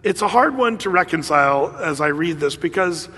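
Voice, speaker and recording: A man preaching a sermon in a conversational, animated way, with laughs and fillers. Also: fairly high pitch, moderate pace, slightly rough, long reverb tail. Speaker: pastor.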